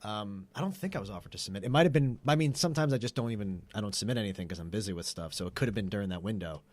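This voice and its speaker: A man co-hosting a podcast, chatting casually and telling straight-faced tall tales with animated voices. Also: on the low side, very fast, dry recording. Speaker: podcast co-host. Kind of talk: casual comedy chat.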